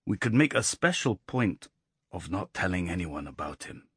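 A man reading the lines of a gaunt young hermit who speaks slowly, coldly and emphatically. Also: low-pitched, very animated, breathy edge, no room sound, clean studio sound, pitched below the performer's own voice, exaggerated voice. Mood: cold, emphatic. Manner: slow, cold, emphatic.

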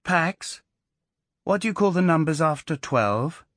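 A man reading an audiobook, voicing a precocious, scornful boy of about five who speaks slowly and pointedly. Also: on the high side, animated, fairly bright tone, no echo, pitched above the performer's own voice. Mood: impatient. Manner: slow, pointed, triumphant.

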